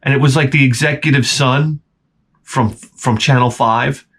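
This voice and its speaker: A man's voice: mid-range voice, fairly even intonation, unhurried, a bit bright, slightly rough. A man in his forties hosting his channel, ranting and grumbling with plenty of swearing as he jumps between complaints. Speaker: channel host. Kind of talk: profane comedic rant.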